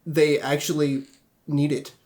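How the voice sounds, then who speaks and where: A man's voice: fairly high pitch, little pitch movement, measured pace, darkish tone. A young man co-hosting a casual podcast, telling rambling, profane anecdotes. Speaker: podcast co-host. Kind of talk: casual chat.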